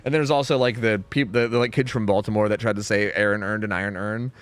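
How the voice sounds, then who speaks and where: A man's voice: fairly low pitch, fast, smooth, dry recording. A man in his thirties with a Pennsylvania accent, chatting casually and rambling through stories while streaming a game, swearing often. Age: 30s. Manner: rambling, swears a lot, animated storytelling. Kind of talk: casual gaming stream chat.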